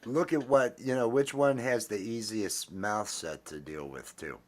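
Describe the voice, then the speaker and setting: A man's voice: lowish voice, measured pace. A man hosting a casual chat, talking in a rambling, affectionate way with many fillers and restarts. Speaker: host.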